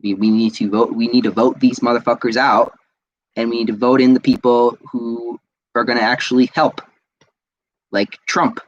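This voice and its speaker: A man's voice: medium pitch, little pitch movement, normal speed, dull audio. A man from the United States hosting a solo podcast, ranting angrily and swearing, repeating himself with frequent fillers. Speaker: podcast host. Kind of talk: casual solo podcast rant.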